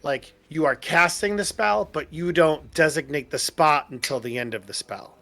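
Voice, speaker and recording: A man's voice: on the high side, normal speed, vocal fry, sharp tone, soft background music. A man playing a tabletop game, thinking aloud as he explains his character's moves. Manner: thinks aloud with many fillers. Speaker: player.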